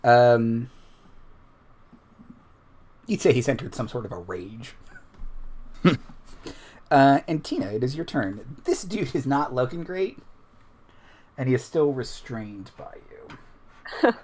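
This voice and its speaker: Casting: male game master with a lively, animated voice, halting narration. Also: medium pitch. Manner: hesitant, many fillers and laughs.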